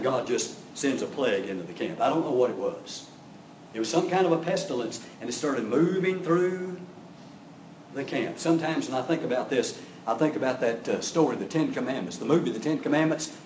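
A man's voice: a little high, a little hiss or hum. Dramatic preaching man in an echoey church. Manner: dramatic storytelling with sudden loud rises and soft drops. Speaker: pastor. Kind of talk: sermon. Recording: echoey room, voice from a distance.

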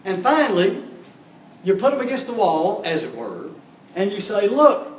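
Preacher guy, high lively voice, echoey church from far off, faint hum behind. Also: normal speed. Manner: dramatic, acts out voices of the story. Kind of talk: animated sermon storytelling. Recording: echoey room from a distance.

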